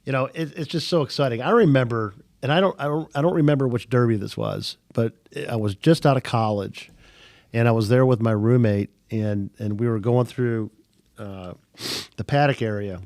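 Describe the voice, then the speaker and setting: Friendly middle-aged podcast host. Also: male voice, medium pitch, a little mellow, no echo, studio quality. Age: 50s. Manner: friendly, laughs easily, reminiscing. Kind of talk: casual podcast chat.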